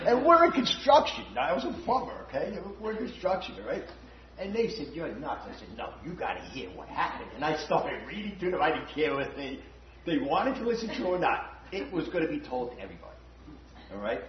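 A man's voice: a little high, sing-song, fairly quick, slight background noise. An older man giving a personal testimony at a church gathering, talking conversationally and often checking in with "all right?". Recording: dull lo-fi recording.

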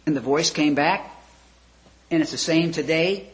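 A man preaching a sermon, slow and measured, with rising emphatic questions, often clearing his throat. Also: medium pitch, expressive.

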